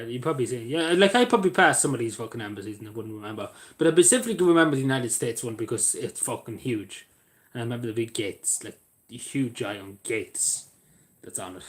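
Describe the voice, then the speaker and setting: A man chatting casually on a live stream, rambling and joking, his voice often trailing off quietly at the ends of sentences. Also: mid-range voice, lively intonation, quick pace.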